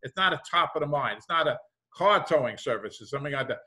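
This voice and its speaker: A man's voice: on the high side, lively intonation, fast, sharp tone. A middle-aged man, a business professor, lecturing casually over a video call with everyday examples and the habit of tagging "thing like that". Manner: conversational, repeats "thing like that", worked examples.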